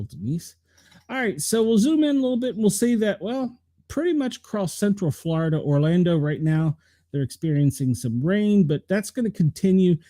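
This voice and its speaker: A man's voice: a little high, warm tone, no echo, clean studio sound. A middle-aged man, rambling casually through a weather rundown and talking to viewers by name. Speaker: show host reading the weather.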